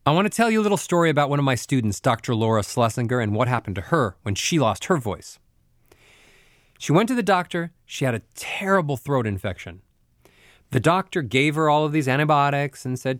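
A male voice coach talks through a voice lesson with lively, emphatic storytelling. His voice sits a bit high for a man. The sound is close and dry, with no room around it. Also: normal speed, no room sound. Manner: animated storytelling with emphatic asides. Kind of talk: spoken voice lesson.

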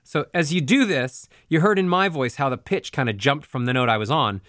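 A man coaching listeners through a voice lesson, speaking in a steady, instructive way at a middling pitch. He lays out each step plainly. His voice is close and dry, with no room sound. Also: no room sound. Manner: measured, instructive, gives step-by-step directions. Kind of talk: spoken voice lesson.

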